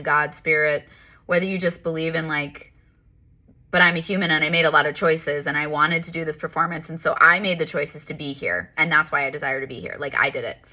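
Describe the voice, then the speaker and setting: A woman giving a casual, reflective self-help monologue as a spiritual life coach, animated and emphatic, repeating herself for effect. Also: sits low, fast.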